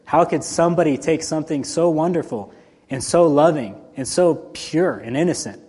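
A male pastor giving a conversational, animated sermon, swinging between loud and soft. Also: fairly high pitch, moderate pace, husky. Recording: long hall reverb.

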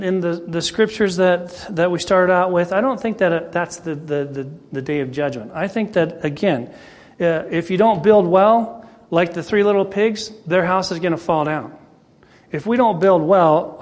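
High-voiced folksy male preacher. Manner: folksy, conversational storytelling. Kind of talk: sermon. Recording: echoey hall.

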